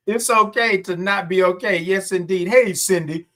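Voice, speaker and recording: A man's voice: high-pitched, takes it slowly, bright, forceful tone. A man hosting a casual morning livestream, greeting viewers by name and stretching out his sung greetings. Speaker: livestream host.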